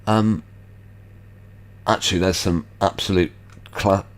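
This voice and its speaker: A man's voice: sits low, fairly even intonation, slow. A man hosting an online show, making skeptical, rambling remarks over video clips. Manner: skeptical, rambling asides with fillers. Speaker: host.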